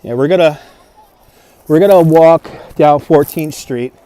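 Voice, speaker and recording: Casual New male livestream host, slightly high and mellow, phone on gimbal, chatting with viewers. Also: measured pace. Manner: chatty, reads out and answers viewer comments, laughs often. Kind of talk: casual walking livestream chat. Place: outdoors in a snowy park at dusk. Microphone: phone on a handheld gimbal.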